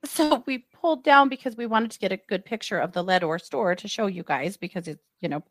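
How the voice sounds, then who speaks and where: A woman's voice: medium pitch, brisk, no echo, clean studio sound. A woman co-hosting a true crime podcast, telling a story in casual chat and acting out what people said. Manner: lively retelling with acted-out quotes.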